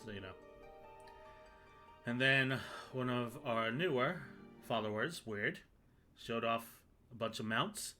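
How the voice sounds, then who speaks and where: A man's voice: medium pitch, slow, long pauses, bright, forceful tone, soft background music. A man streaming a video game, recapping and joking in casual, rambling, sometimes profane commentary.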